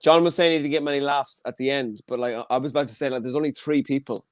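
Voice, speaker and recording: A man's voice: mid-range voice, fairly even intonation, fast, dry recording, studio quality. A man hosting an online comedy show over a video call, blunt and teasing with the comedians.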